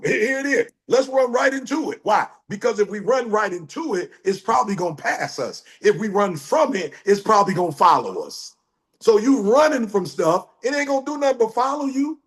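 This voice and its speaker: High-voiced, emphatic middle-aged motivational speaker. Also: male voice, sing-song, moderate pace. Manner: emphatic, repetitive, rising to shouts. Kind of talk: motivational sermon.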